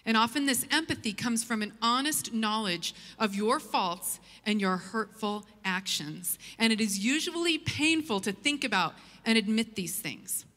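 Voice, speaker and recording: A woman's voice: a little high, a little slow, hardly any pauses, sharp tone. A woman pastor delivering an earnest sermon, mixing scripture and storytelling. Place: church sanctuary. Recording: long church hall reverb.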